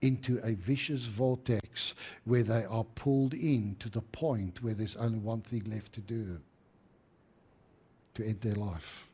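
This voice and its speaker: A man preaching a sermon as pastor, rising to emphatic stress and dropping to hushed tones. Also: lowish voice, steady tone, measured pace, slightly rough.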